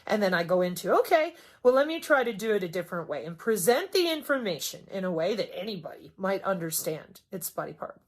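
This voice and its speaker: A woman's voice: big pitch swings, fairly quick, few pauses. Sarcastic, cussing Midwestern woman vlogger. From Wisconsin, US Midwest. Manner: sarcastic, cussing, emphatic swings in pitch and loudness. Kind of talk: unscripted monologue vlog.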